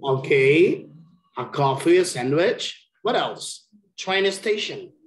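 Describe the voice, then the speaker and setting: Slow, patient man teaching English. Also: fairly high pitch, animated. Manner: slow, patient, repeats key words. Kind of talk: online English lesson. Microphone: video call. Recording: roomy echo.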